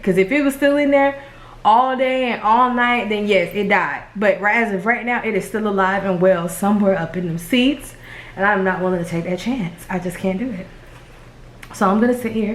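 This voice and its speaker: A young woman, telling a story to camera for her family vlog in an excitable, rambling way. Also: mid-range voice, a little hiss or hum. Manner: excitable, rambling, addresses viewers as y'all. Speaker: family vlogger.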